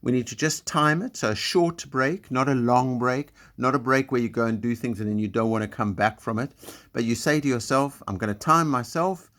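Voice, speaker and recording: A man leading a recorded school assembly, talking gently and encouragingly in simple words to young children. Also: medium pitch, fairly quick.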